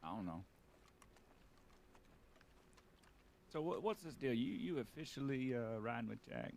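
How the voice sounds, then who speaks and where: A man voicing a weary, reflective aging outlaw in a western roleplay game. He muses in halting speech with many restarts. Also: medium pitch, expressive, vocal fry, a little mellow, slight background noise. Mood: uneasy. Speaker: roleplay player.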